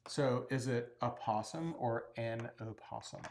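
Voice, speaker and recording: A man's voice: medium pitch, measured pace, a little hiss or hum. A man co-hosting a casual livestream, cursing freely and ranting with comic exaggeration. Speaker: livestream co-host.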